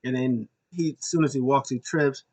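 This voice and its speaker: A man of middle pitch talks loosely through a recap, his sentences stopping and restarting around plenty of ums and uhs. He gushes like an eager fan as he goes. The delivery is plain, unscripted chat. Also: moderate pace, a little mellow. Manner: rambling, full of fillers and restarts; enthusiastic fan. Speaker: podcast host.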